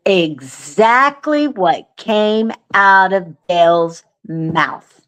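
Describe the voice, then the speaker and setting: A woman guest telling a story in casual chat, earnest and animated, with lots of fillers. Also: medium pitch, a little slow. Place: remote call.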